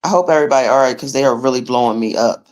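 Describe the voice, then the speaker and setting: A livestream host teaching finance paperwork speaks in an extremely low, darkish voice at a racing pace. In a casual rant she's blunt, profane and emphatic, urging listeners to take charge of their money.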